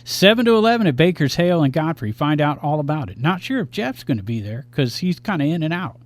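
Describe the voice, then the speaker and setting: A man's voice: fairly high pitch, big pitch swings, fast. A man co-hosting a local radio show, casually rattling off live-music listings with jokes in between. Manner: rattles off event listings, joking. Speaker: radio show co-host reading gig listings.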